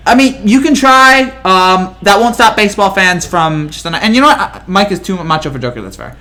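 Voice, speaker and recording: A man hosting a casual live sports stream, speaking in a high, bright voice. He rattles along very quickly, excitable and rambling, with plenty of fillers and restarts. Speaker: host.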